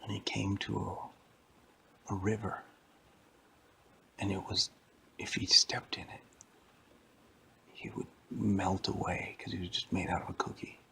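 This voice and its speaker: A man telling an improvised bedtime story to a child, in a hushed, half-whispered voice. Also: deep voice, flat delivery, unhurried, creaky, pauses often.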